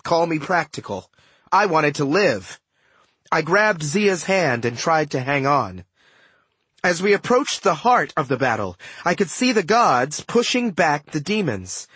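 Animated male audiobook narrator. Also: a little high, a little slow, slightly rough, no room sound. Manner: animated, expressive storytelling. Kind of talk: first-person audiobook narration.

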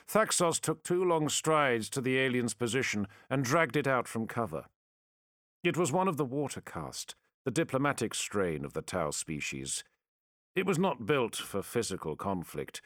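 A man reading a sci-fi war story aloud as audiobook narrator, measured and dramatic. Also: medium pitch, a bit bright, no room sound, studio quality.

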